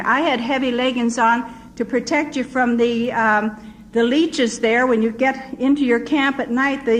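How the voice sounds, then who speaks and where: A woman's voice: high-pitched, rough recording. Older woman telling her life story. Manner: vivid storyteller who acts out quoted voices. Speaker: missionary. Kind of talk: personal testimony storytelling.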